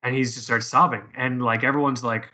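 A man's voice: medium pitch, level tone, a little fast, pushed and bright. A man telling a personal story in casual conversation, profane and rambling with many restarts.

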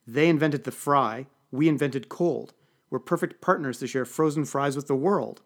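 A man voicing a bossy, loud male political staffer who talks in brisk, commanding bursts. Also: medium pitch, lightly acted.

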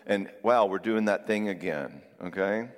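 Low-voiced man preaching in a reverberant hall. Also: measured pace. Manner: animated storytelling with acted-out quotes; engages audience with frequent "all right?" asides. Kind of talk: sermon.

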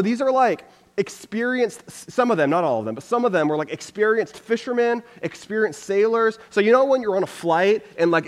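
A man giving a casual conversational sermon, energetic and loose, scattering "like" through his talk. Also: high-pitched. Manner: energetic, loose, full of "like" fillers. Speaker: preacher. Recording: long reverb from a hall.

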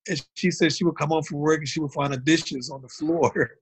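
A man's voice: a little high, fairly even intonation, fairly quick, background noise. A man from Baltimore, a drummer and guest in a casual interview, telling stories in a loose, rambling way full of "you know". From Baltimore, United States.

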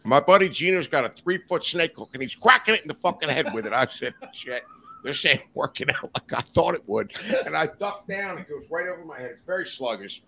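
Speaking a little fast in a voice on the high side, a man spins a wild tale as a guest in a podcast studio. He curses freely and laughs throughout the animated story, with a bit of hiss or hum in the background.

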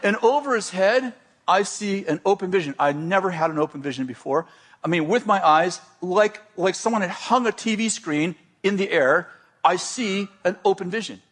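High-voiced man preaching a story. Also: moderate pace. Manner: lively, self-deprecating, frequent restarts. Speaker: pastor. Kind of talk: sermon storytelling.

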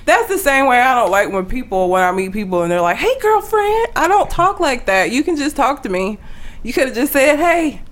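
A woman chatting casually on a podcast, emphatic and animated, laughing often. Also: a little high, fairly quick. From grew up in the country. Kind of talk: casual chat.

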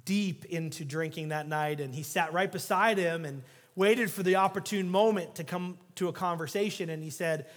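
High-voiced pastor preaching in a hall. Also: male voice, a little fast. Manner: animated storytelling with jokes, swinging from loud to hushed. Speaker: guest pastor. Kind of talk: sermon.

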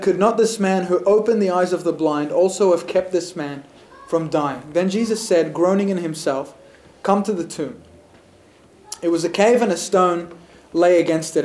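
A man reading scripture aloud and pausing to reflect on it in an earnest, heartfelt way. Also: high-pitched, darkish tone, roomy sound, low-quality recording. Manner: earnest, reflective, builds to emphatic moments. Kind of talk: scripture reading with sermon commentary.

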